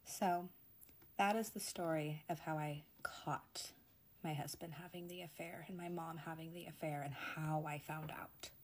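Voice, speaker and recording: A young woman telling a personal story in a soft, often near-whispered and emotional voice. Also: low-pitched, fairly even intonation, a little slow, slight background noise.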